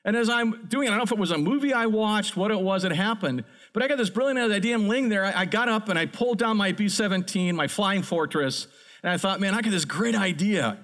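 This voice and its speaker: Middle-aged male pastor, high voice, lively storyteller building to excited peaks. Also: fast talker. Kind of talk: sermon with a personal story.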